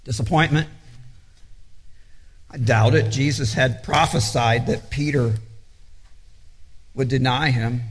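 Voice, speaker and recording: A man with a high voice preaches at an unhurried pace. He retells the story with earnest feeling and acts out each quote. His voice rings out with a long reverb, as in a large hall. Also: a bit bright. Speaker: pastor. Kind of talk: children's sermon.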